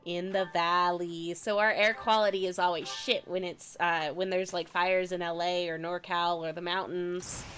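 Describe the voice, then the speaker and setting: A woman's voice: on the low side, flat delivery, moderate pace, hardly any pauses, a bit bright, soft background music. A young woman from California chatting casually on a game stream, a bit stuffy from a recent cold, giggly and rambling. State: slightly stuffy, recovering from a cold. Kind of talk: casual gaming stream chat.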